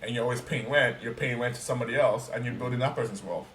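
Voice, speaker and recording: A young man talking casually on a podcast, ranting in an animated, profane and emphatic way. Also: mid-range voice, fast talker. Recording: roomy, distant mic, faint noise.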